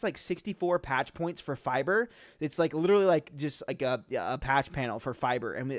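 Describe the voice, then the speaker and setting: A man's voice: mid-range voice, no room sound, clean studio sound. A young man hosting a casual livestream, answering chat questions in a loose, slangy way with lots of fillers.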